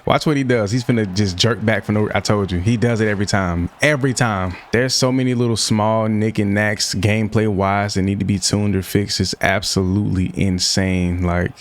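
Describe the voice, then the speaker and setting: A man's voice: on the low side, steady tone, normal speed, few pauses. A young man giving casual, slangy gameplay commentary, often frustrated as he plays. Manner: frustrated, slangy, self-talk while playing. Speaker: gaming YouTuber.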